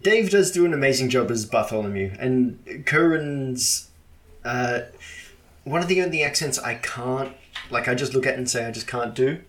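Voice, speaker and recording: A man's voice: mid-range voice, expressive, normal speed, fairly bright tone. Man, podcast host, casual chat, stammers and restarts.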